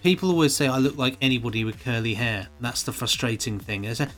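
A man's voice: mid-range voice, fast talker, a bit bright, faint music behind. A man co-hosting a podcast, chatting playfully and reading out a review. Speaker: podcast co-host. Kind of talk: casual chat.

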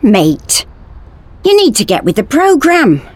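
A woman's voice: fairly high pitch, huge pitch swings, slow pace, pitched above the performer's own voice, exaggerated voice. A woman voicing a blunt, practical male factory worker who talks to his friend in a chummy, exasperated way.

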